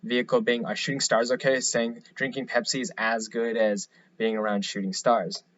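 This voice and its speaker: A young man giving a class presentation, explaining in a halting, rambling way. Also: mid-range voice, little pitch movement, a bit bright. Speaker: student presenter. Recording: dull lo-fi recording.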